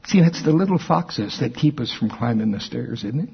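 A man preaching a sermon, excitable and quick to laugh, who slows down to read scripture aloud. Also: medium pitch, creaky, husky, muffled recording. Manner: excitable, laughs often, reads scripture slowly. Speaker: pastor.

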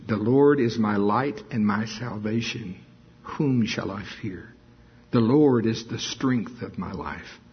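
A man's voice: mid-range voice, breathy edge, dull audio. A man preaching a sermon, fervent and emphatic, praying aloud and calling out to his listeners.

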